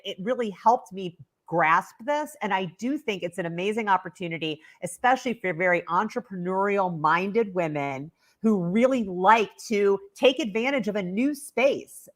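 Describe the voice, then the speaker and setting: A woman speaking as a guest on a livestreamed panel, enthusiastic and promotional, with plenty of ums along the way. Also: medium pitch. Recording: online video call.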